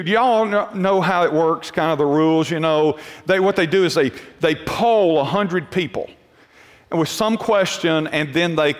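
A male pastor preaching a sermon, emphatic and repetitive, often restarting his sentences. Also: fairly high pitch. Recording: long hall reverb.

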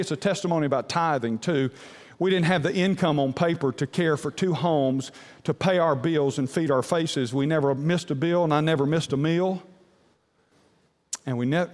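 A male pastor telling a personal story in a folksy sermon, often dropping to a hushed voice. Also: a little high. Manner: folksy, with dramatic drops to a hush. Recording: long hall reverb.

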